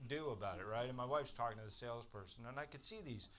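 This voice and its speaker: A man from Canada doing a stand-up set on a comedy club stage, telling exasperated stories that build to shouted punchlines. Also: medium pitch, fast. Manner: exasperated storytelling, swearing, rising to shouted punchlines. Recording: live club recording with audience noise.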